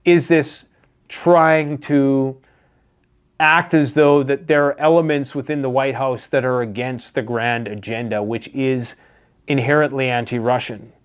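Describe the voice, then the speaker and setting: Smooth and unhurried, this Canadian man's medium-pitched voice stays fairly even as he casually riffs on prepper news from a political angle. His commentary is blunt, sarcastic, and full of profanity, with mocking put-on voices.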